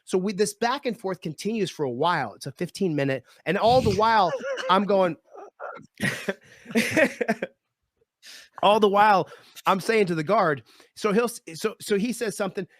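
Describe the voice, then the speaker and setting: Animated high-pitched man telling stories. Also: normal speed, long pauses, no room sound, clean studio sound. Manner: lively, acts out voices in his stories. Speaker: guest. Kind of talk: animated storytelling.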